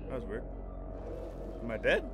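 A man's voice: medium pitch, wildly swooping pitch, normal speed, over music. A man commenting on a horror game as he plays, jittery and profane, swinging from muttering to yelping in fright. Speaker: gameplay commentator. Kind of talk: let's play commentary.

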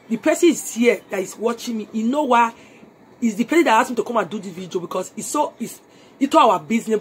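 A Nigerian woman selling through network marketing makes a live phone-video pitch from home, urgently and persuasively urging viewers to join her business in a mix of Pidgin and English. Her voice is fairly high, with a little hiss or hum in the audio.

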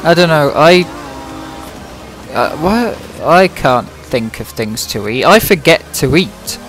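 A man's voice: fairly high pitch, lively intonation, slow, fairly bright tone. A British man streaming a game, chatting casually in a dry, sarcastic-sounding way with plenty of swearing, close to the mic. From Britain. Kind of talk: casual livestream chat. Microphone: microphone close in front of the mouth. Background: music playing.

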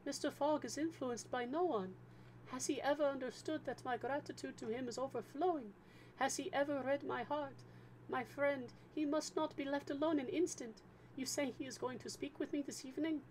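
A man voicing a gentle, devoted young woman who is grieving, speaking earnestly in a high falsetto. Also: steady tone, normal speed, a little hiss or hum, poor audio. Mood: earnest, wistful.

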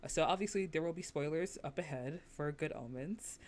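A woman hosting a podcast, chatting casually, laughing often and acting out quotes in lively asides. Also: deep voice, brisk. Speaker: podcast host.

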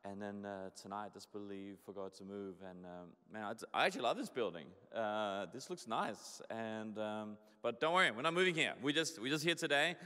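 A man in his forties, a pastor from Denmark, preaching and praying in a casual, excitable way with lots of fillers and restarts. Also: on the low side, normal speed, few pauses, clear, resonant tone. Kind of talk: sermon with prayer and storytelling. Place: church hall. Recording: echoey hall.

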